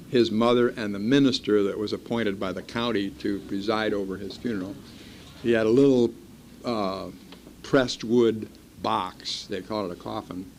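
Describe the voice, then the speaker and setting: A man's voice: on the low side, darkish tone, a little hiss or hum. An older man from Iowa telling his own story to a meeting in a blunt, wry, self-mocking way. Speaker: speaker at a recovery meeting. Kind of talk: personal storytelling talk.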